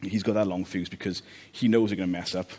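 A man preaching a relaxed, conversational sermon, joking about family life and often checking in with "okay?". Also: low-pitched, quick pace, slightly rough. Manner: chatty, jokey, checks in with "okay?".

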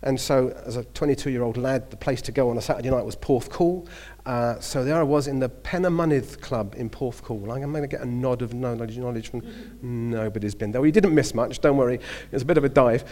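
A man's voice: medium pitch, fairly quick, warm tone. Cockney man preaching in chatty story mode. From southeast London. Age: 50s. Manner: chatty storytelling with hesitations and restarts. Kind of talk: sermon.

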